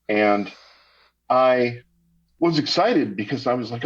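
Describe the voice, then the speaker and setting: A man appearing as a podcast guest in casual chat. He rambles with hesitant restarts and self-corrections, at a mid pitch. His audio sounds dull and lo-fi. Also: lively intonation, takes it slowly.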